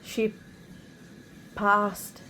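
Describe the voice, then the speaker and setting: A woman's voice: extremely slow, sharp tone, a little hiss or hum, rough recording. A woman chatting casually in her bedroom, rambling with many asides. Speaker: vlogger. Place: bedroom at home.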